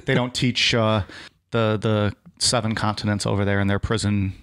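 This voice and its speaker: A man's voice: fairly low pitch, steady tone, normal speed, a bit bright, clear, resonant tone. A man co-hosting a podcast, joking in casual banter and rambling with lots of fillers. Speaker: podcast co-host.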